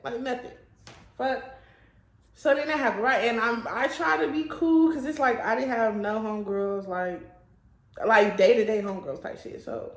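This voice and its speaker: Young woman vlogger, casual storytime, crude and laughing, higher pitch, roomy echo. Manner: blunt, profane, laughs often. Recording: echoey room.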